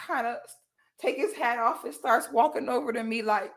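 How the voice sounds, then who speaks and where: A woman's voice: fairly high pitch, fairly quick. A woman vlogger telling a personal story in casual slang, acting out what people said. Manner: animated, slangy, acts out quotes.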